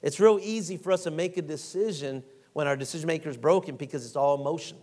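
A man preaching a sermon in a fairly high voice. He is middle-aged and folksy, slipping into little acted-out voices and reading scripture in a slower, measured way. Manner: folksy and animated, acting out quotes and reading scripture aloud.

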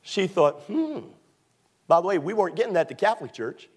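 Joking, emphatic preacher with a light voice. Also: male voice, high voice, animated, fast. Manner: conversational and joking, with emphatic swells. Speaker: pastor. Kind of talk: sermon.

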